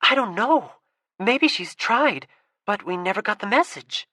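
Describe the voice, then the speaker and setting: A woman reads a careful, earnest girl in an audiobook. The voice sits high and bright with a breathy grain, swinging up and down, recorded close and dry. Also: expressive, a little slow, dry recording. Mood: reasoning. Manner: careful, questioning. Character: girl, earnest older sister, cautious.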